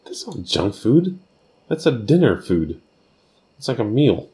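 A man's voice: mid-range voice, sing-song, dark tone. A man co-hosting a podcast in casual chat, firing off questions and teasing his partner. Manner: teasing, quick-fire questioning. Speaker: podcast co-host.

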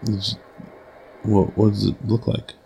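A man's voice: lowish voice, little pitch movement, measured pace, creaky, warm tone, rough recording. A man chatting with his young child at bedtime at home, patiently asking question after question to keep her talking. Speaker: father. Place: home, bedroom at night.

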